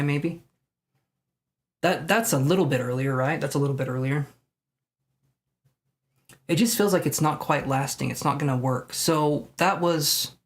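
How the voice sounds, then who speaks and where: Chatty man doing live tarot readings. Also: on the high side. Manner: rambling, self-mocking, thinks aloud. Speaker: tarot reader.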